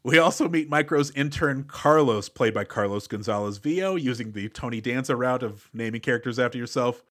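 A man's voice: mid-range voice, brisk, hardly any pauses, a bit bright. A man co-hosting a movie podcast, recapping the plot in casual chat with a wry tone. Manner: recaps plot, wry, sometimes does voices. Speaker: podcast co-host.

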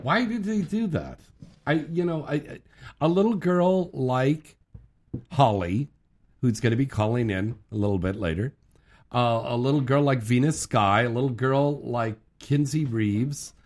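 A man's voice: medium pitch, unhurried, a little mellow. A man hosting a casual chat, joking and teasing his guest. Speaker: host.

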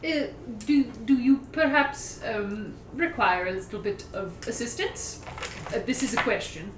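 A woman's voice: a little high, measured pace, echoey room, a little hiss or hum. A woman speaking as a player in a tabletop game, polite and hesitant.

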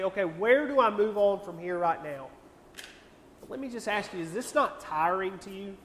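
A young man leads a youth sermon in a high, earnest voice. He talks to the room conversationally and presses his point with repeated questions. The sound carries a long reverb from a church hall. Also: a bit bright. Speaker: youth pastor.

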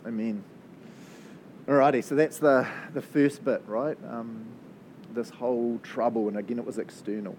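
A man with a New Zealand accent, preaching a sermon and praying in a chatty, animated way that often breaks into laughs. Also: mid-range voice, normal speed, slight background noise, poor audio. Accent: New Zealand English. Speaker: pastor. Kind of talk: sermon with prayer.

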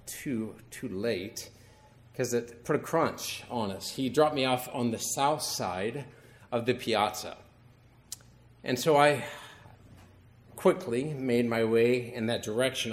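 Middle-aged male priest, wry storytelling homily, mid-pitched voice. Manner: storytelling, conversational with wry humor.

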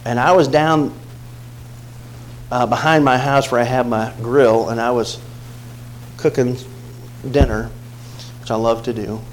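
A male pastor preaching a sermon, telling a personal story with dramatic swings from hushed tones to shouts. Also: mid-range voice, steady tone, a little slow, long pauses, slight background noise, rough recording.

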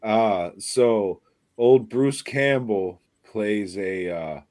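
A man with a lowish voice chats on a podcast, taking his time as he tells a rambling story. He swears constantly in an easygoing, unhurried delivery. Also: darkish tone, dry recording. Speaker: podcast co-host. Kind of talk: casual chat.

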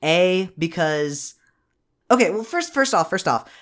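A man co-hosting a podcast, recapping a movie in rambling, profane casual chat. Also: high voice. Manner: rambling, profane, animated, quick bursts.

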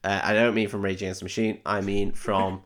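A man's voice: lowish voice, level tone, a little fast, fairly bright tone. A man hosting a podcast, casually recapping a film with swearing, jokes and mocking voices for the characters. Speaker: podcast host.

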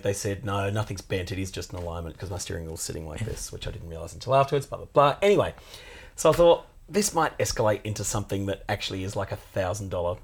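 A man who co-hosts a podcast, telling a story in casual chat and swearing now and then. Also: slightly rough. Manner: animated, jumps into high put-on voices for quotes, swears casually. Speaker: podcast co-host.

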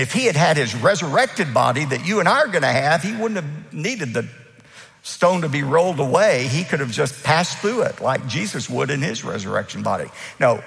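A man's voice: mid-range voice, vocal fry, fairly bright tone, big-room sound. A man preaching a sermon as the pastor, emphatic, and acting out the lines he quotes.

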